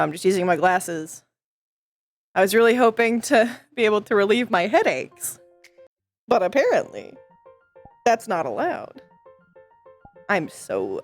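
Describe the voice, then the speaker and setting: A woman streamer venting to her chat in casual talk, frustrated, swearing often and stumbling over restarts. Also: mid-range voice.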